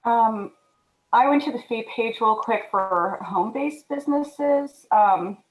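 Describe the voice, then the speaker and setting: A woman's voice: on the high side, unhurried, low-quality recording. A woman speaking as a board member at an online meeting. She thinks aloud with frequent "um"s. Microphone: video call.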